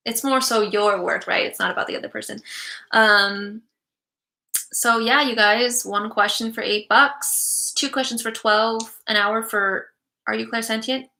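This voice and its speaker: A woman's voice: medium pitch, pushed and bright. A young woman giving psychic readings on a live stream, chatty and giggly with many fillers.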